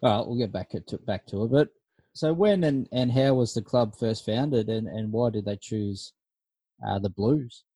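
A man's voice: fairly low pitch, normal speed, mellow, slightly rough, no room sound. A middle-aged man co-hosting a podcast, easygoing and asking questions. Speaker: podcast co-host. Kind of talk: casual podcast chat.

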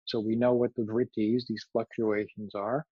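A man giving a spiritual talk as a meditation teacher, telling a story in a relaxed way and trailing off softly. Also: fairly low pitch, moderate pace, breathy edge, dry recording, lo-fi sound.

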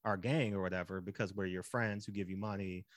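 A man hosts a casual film podcast, his voice sitting a little low. He rambles through his points with plenty of "like" and "you know". The sound is dry and close. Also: brisk, no room sound. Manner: relaxed and rambling, heavy use of "like". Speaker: podcast host.

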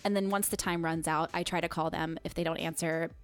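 A woman in casual podcast chat, telling a story with animated quoted voices and frequent laughs. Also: low voice, a little fast.

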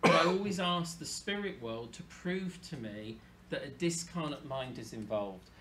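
A man, a medium talking casually to an audience, chatty and animated. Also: on the high side, normal speed, a little hiss or hum. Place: hall with an audience.

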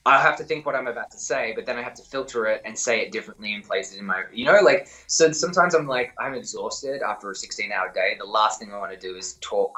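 A man's voice: on the low side, quick pace, few pauses, sharp tone, poor audio. A man with an Australian accent, an actor talking casually in an interview, rambling and correcting himself with lots of fillers.

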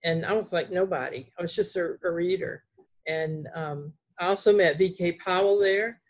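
A woman's voice: on the low side, normal speed. A woman author from North Carolina with a Southern accent, telling rambling stories in a casual chat, with many fillers and restarts. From Greensboro, North Carolina.

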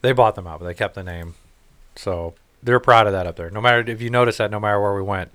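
Podcast co-host, man, low voice, swears freely, rambling storyteller. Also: fast, a bit bright. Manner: profane, rambling, laughing anecdotes. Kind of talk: casual chat, storytelling.

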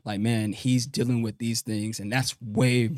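A man's voice: mid-range voice, flat delivery, measured pace, a little mellow, no room sound, clean studio sound. A man as a podcast guest, telling a personal story in an earnest way, often restarting and acting out what his father said. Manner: earnest, repeats words and restarts, acts out his father's speech.

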